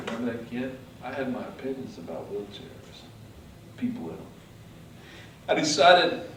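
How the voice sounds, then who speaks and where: A man giving a motivational speech, telling his story dramatically, swinging from hushed to loud. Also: on the low side, far from the mic, a little hiss or hum. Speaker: motivational speaker. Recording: echoey hall, mic from afar.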